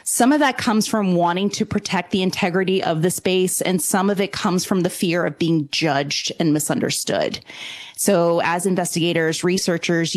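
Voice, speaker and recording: A woman from New Orleans speaking as a guest paranormal investigator on a call-in radio show. She talks in a warm, enthusiastic, conversational way. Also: fairly low pitch. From New Orleans, USA.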